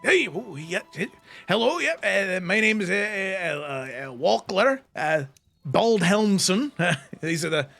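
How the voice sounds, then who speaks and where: A man voicing a rough-spoken male dwarf lumberjack who swears and stammers, with faint music behind. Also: high voice, expressive, slow, fairly bright tone, heavily acted. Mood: blustering.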